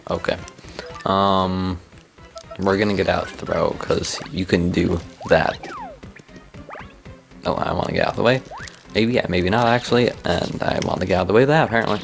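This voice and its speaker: A goofy man chats his way through a video game, cracking jokes and reading the on-screen text aloud. His voice sits low, and faint game music runs underneath. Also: steady tone, moderate pace, gravelly, long pauses. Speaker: let's play host. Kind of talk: casual gameplay commentary.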